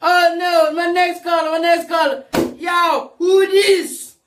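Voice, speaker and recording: A woman hosting a rowdy call-in radio show, loud and repetitive, often shouting and laughing. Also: very high voice, level tone, slow, background noise. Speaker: radio talk show host. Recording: echoey room.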